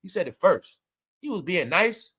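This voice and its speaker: A man hosting casual celebrity gossip commentary, animated and laughing, retelling jokes in quoted voices. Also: high voice, normal speed, husky. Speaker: commentary host.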